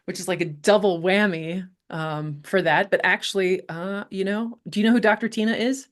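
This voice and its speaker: A middle-aged woman telling her story as a podcast guest, candid and animated, laughing often and swearing casually. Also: medium pitch, moderate pace. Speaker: podcast guest, health coach.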